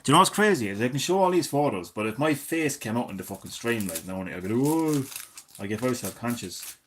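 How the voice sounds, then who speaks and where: A man in his thirties, chatting casually and swearing a lot as a gaming streamer, drifting between loud remarks and mumbled asides. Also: mid-range voice, expressive, quick pace. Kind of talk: casual rambling commentary.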